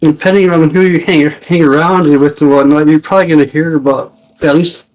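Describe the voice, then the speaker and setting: New mexico guy, southwestern us accent, easygoing rambly chat on voice call, bit high voice. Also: fairly quick, muffled recording. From New Mexico, United States. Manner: relaxed, rambling, laughs easily. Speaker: guest on voice chat.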